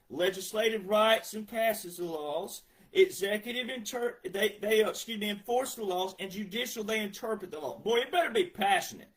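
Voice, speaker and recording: Ranting male commentator, high-pitched, sarcastic, punchy delivery. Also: animated, normal speed. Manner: emphatic, sarcastic, loud outbursts. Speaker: political commentator. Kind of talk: ranting monologue.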